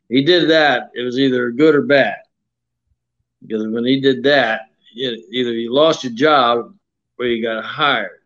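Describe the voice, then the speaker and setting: A man's voice: mid-range voice, gravelly, lo-fi sound. An older man, a retired wrestler telling stories in a folksy, rambling way and acting out the voices of others. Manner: folksy, acts out quoted voices, many fillers. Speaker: retired pro wrestler, interview guest. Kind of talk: shoot interview storytelling.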